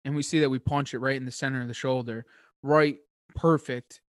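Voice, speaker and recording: A man telling a hunting story as a podcast guest, excitable and rambling, with lots of high energy. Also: brisk, no room sound, studio quality. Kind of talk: casual chat, hunting story.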